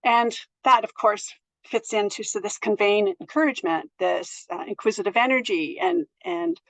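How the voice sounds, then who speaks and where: A middle-aged woman giving a presentation on board governance in a thoughtful, gentle way, with many fillers and restarts. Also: mid-range voice, animated, normal speed, creaky, dry recording, rough recording. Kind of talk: presentation to an audience.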